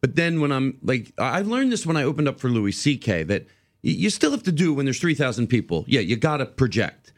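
A man's voice: mid-range voice, fairly quick. A man in his fifties, a comedian guest on a podcast, telling rambling stories with many restarts. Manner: animated rambling storyteller, restarts a lot. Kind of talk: casual podcast chat.

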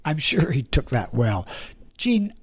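A man's voice: medium pitch, wildly swooping pitch, slow, husky. A man hosting a podcast interview, making wry, teasing asides. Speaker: podcast host. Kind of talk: casual interview chat.

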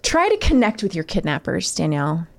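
A woman's voice: lowish voice, a little fast, creaky. A woman co-hosting a casual comedy chat, reading lines from a guide aloud and riffing on them with giggles. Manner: animated, giggly, reads lines then riffs on them. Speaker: podcast co-host.

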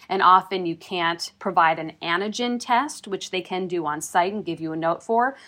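Woman reporter chatting thru consumer stuff, kinda low voice, easygoing explainer. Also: a bit bright. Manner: explanatory, chatty, self-joking. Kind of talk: casual news discussion.

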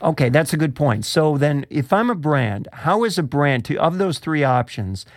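A man's voice: fairly high pitch, animated, normal speed, no room sound, clean studio sound. A man co-hosting a discussion, asking probing questions and laughing easily. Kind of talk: conversational discussion.

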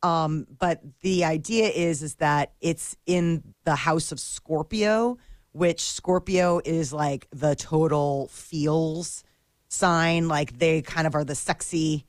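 A woman with a lowish voice chats on a radio show, loose and giggly, full of "like" and "um." The sound is close and dry, with no room around it. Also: steady tone, takes it slowly, dry recording. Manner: chatty, filler-heavy, giggly. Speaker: radio co-host. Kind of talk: casual morning radio chat.

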